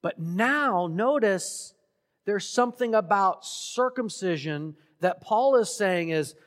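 A man preaching a sermon as pastor, emphatic and building to loud exhortation. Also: high voice, expressive, takes it slowly. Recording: long hall reverb.

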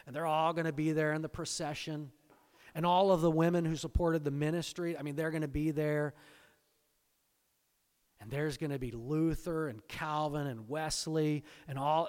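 A man delivers a sermon with passion, dropping to hushed, intense lines before swelling into loud, exultant emphasis. His voice sits a little high for a man. It rings out with the long reverb of a large church sanctuary. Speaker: preacher.

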